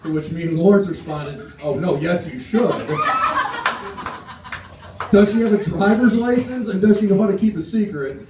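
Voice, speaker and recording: High-voiced young comic telling a wry story. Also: male voice, moderate pace. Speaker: stand-up comic. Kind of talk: open-mic stand-up set. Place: small comedy club stage. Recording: roomy, distant mic with noise.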